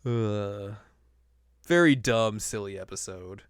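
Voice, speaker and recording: A man's voice: medium pitch, normal speed, clean tone, no echo, clean studio sound. A man co-hosting a podcast, casually recapping an episode in a rambling way, with lots of "uh" and "like". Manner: rambling recap with many fillers. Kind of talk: casual chat.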